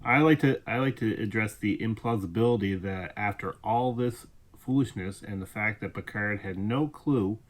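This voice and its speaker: A man co-hosting a casual podcast chat, wry and quick to laugh. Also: lowish voice. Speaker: podcast co-host.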